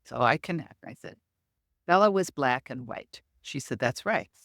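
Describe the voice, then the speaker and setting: A woman's voice: very deep voice, normal speed, no echo, studio quality. A middle-aged woman, a medium and podcast guest, telling anecdotes in an interview and acting out the quoted dialogue. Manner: animated, acts out quoted dialogue.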